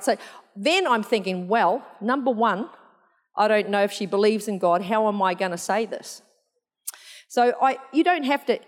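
A woman telling a story in a sermon, chatty and animated, laughing often. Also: medium pitch. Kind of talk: sermon testimony. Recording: long hall reverb.

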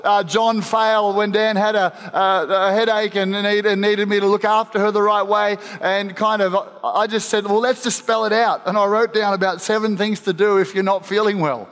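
High-voiced man preaching in a reverberant hall. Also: flat delivery, moderate pace, few pauses, fairly bright tone, clear, resonant tone. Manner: earnest, emphatic, frequent restarts, playful asides. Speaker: pastor. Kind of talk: sermon.

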